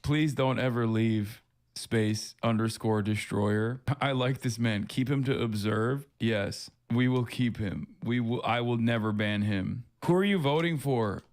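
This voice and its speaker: A man's voice: mid-range voice, a little mellow. Man reading chat aloud on a livestream. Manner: reads chat messages in a mocking tone, laughs often, fast asides. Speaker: livestream host.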